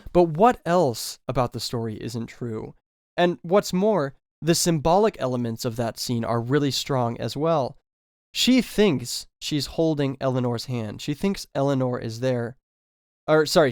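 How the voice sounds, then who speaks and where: A man's voice: medium pitch, no echo, studio quality. A man discussing a horror novel in a casual review, thinking aloud with fillers and self-corrections, and reading a passage aloud with dramatic emphasis. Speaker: book reviewer.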